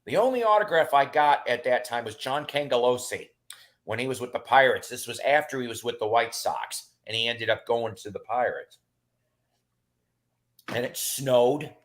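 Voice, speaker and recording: A middle-aged man with a mid-range voice rambles through casual stories in a chat at normal speed. He's animated, full of fillers and restarts.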